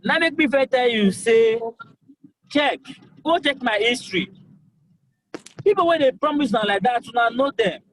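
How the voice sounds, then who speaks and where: A man's voice: extremely high pitch, expressive, normal speed, pauses often, a bit bright, rough recording. A young man with a Nigerian accent, a governorship aspirant answering voters in a call-in interview, talking emphatically and repeating himself to press his points. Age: young adult. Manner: emphatic, repetitive, pleading.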